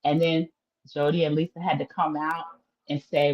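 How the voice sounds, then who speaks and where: A woman's voice: deep voice, a little fast, muffled recording. A woman hosting a casual livestream recap of a reality show, chatty and opinionated, talking straight to her viewers.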